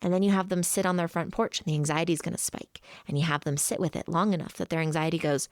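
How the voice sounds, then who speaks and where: A woman hosting a podcast, explaining emotional regulation to listeners, voicing inner thoughts in quick quoted asides and laughing lightly between points. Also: sits low, steady tone, dry recording, clean studio sound. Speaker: podcast host.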